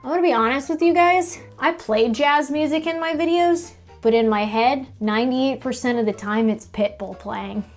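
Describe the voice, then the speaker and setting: High, sassy woman vlogger with music. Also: normal speed, few pauses. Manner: sassy, profane, animated storytelling with voiced quotes. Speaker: DIY home renovation vlogger. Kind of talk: casual vlog storytelling. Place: home hallway, indoors.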